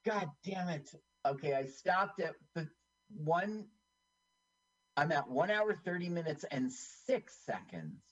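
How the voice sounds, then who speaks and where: A man co-hosting a casual watch-along chat, playful and joking, with a husky voice. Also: on the high side, sing-song, takes it slowly, highs cut off. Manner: playful, doing silly put-on voices. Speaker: podcast co-host.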